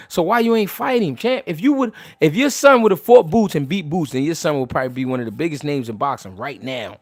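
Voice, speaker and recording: A man's voice: a little high, lively intonation, no room sound. Man, boxing livestream host, brash, slangy, profane, dry close sound. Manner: brash, rapid-fire, heavy slang and cursing. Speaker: boxing talk show host.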